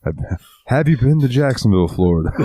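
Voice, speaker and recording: A man's voice: medium pitch, huge pitch swings, normal speed, dark tone, husky. A man co-hosting a podcast, telling long rambling stories in casual chat and swearing freely. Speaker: podcast co-host.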